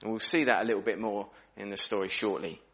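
A man preaching an evening church sermon, acting out questions in lively voices. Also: on the low side, quick pace.

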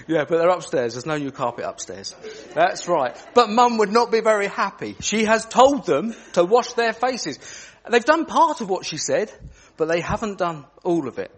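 A man speaks to a group of children in church, drawing them in with questions. His voice is a little husky and sits a touch high, swinging up and down with lively emphasis. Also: normal speed, few pauses. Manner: animated, asks children questions. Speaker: children's talk leader in church. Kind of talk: interactive children's talk.

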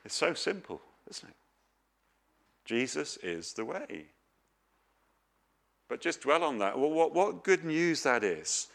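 A man's voice: on the high side, sing-song, normal speed, creaky, hardly any pauses, a bit bright. A middle-aged man preaching a sermon, earnest and questioning, with homely stories.

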